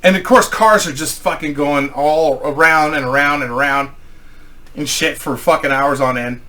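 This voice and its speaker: A man's voice: a little high, normal speed, pushed and bright. A man from Missouri telling a rambling, profanity-filled anecdote in a casual style. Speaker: storyteller.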